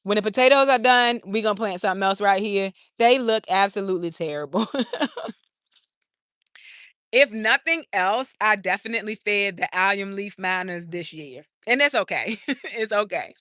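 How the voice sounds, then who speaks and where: With a mid-range, slightly bright voice at normal speed, a woman hosts her garden channel's live stream from an outdoor urban garden. She chats casually, reads comments, laughs often and addresses viewers as "y'all." Dry recording, clean studio sound.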